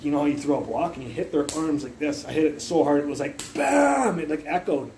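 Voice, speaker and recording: A man's voice: a little high, quick pace, slight background noise, rough recording. A young man telling a rambling, profane story in a casual livestream from his phone. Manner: rambling, profane, animated retelling.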